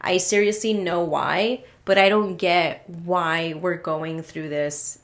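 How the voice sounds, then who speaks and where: A woman's voice: fairly low pitch, fairly even intonation, slow pace. Exasperated woman venting on her podcast. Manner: exasperated, swears freely, restarts sentences. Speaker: podcast host. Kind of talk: casual solo podcast rant.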